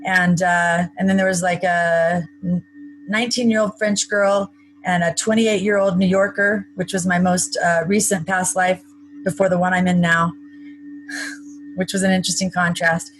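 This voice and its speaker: A woman's voice: fairly low pitch, flat delivery, moderate pace, fairly bright tone, a little hiss or hum, rough recording. A woman being interviewed, recounting a personal story in a chatty, matter-of-fact way with wry asides. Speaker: interview guest.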